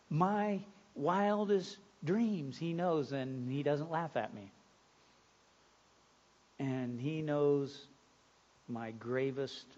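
A man preaching a sermon, going from quiet, slow reflection to loud, emphatic exclamation. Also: mid-range voice, dull audio. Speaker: pastor.

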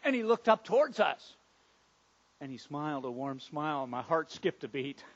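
A man playing a Samaritan leper in a first-person biblical monologue, earnest and dramatic, stammering over his words and swinging between hushed and loud. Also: a little high, sing-song, moderate pace, muffled recording. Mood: excited.

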